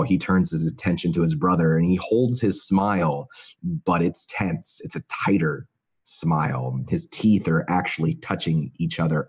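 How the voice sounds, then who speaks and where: A man playing a tabletop role-playing game, describing his character's actions in a detailed, halting way. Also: sits low, husky. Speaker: player.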